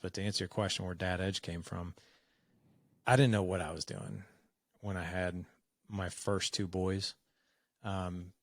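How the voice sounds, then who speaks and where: A man's voice: sits low, fairly bright tone, no echo, clean studio sound. A man in his forties, a podcast guest, telling a personal story in a frank, conversational way and acting out the dialogue. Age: 40s.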